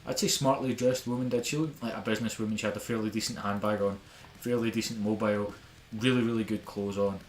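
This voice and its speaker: A man's voice: fairly low pitch, steady tone, fast talker, soft background music. A young man with a Scottish accent picked up from Glasgow, a podcast co-host ranting in casual, sweary talk. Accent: Scottish, Glaswegian-tinged. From Scotland. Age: young adult. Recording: echoey room with faint background noise.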